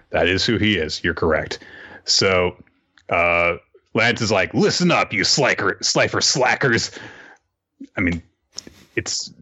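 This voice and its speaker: A man with a fairly low but bright, forceful voice chats loosely through a story recap, hopping into quick quoted voices for the characters. The sound is dull and lo-fi, like a modest home podcast setup. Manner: rambling, quoting characters in quick shifts of voice. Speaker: podcast host recapping an anime episode. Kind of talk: casual chat.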